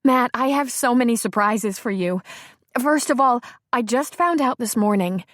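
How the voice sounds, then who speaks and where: A woman narrator voicing an excited, affectionate young pregnant wife. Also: on the high side, normal speed, no room sound, studio quality, pitched above the performer's own voice, lightly acted. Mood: excited, loving. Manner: eager, breathless, affectionate.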